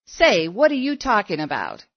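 A woman reading the lines of a gruff young male game warden who answers in short, rustic, defensive replies. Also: sits high, wildly swooping pitch, moderate pace, dry recording, heavily acted. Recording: dull, dry lo-fi recording.

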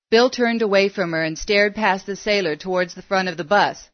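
A woman in the middle of her range narrating a story with measured, steady delivery. The recording is dry, with no room sound, and somewhat dull and lo-fi. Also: mid-range voice, no room sound.

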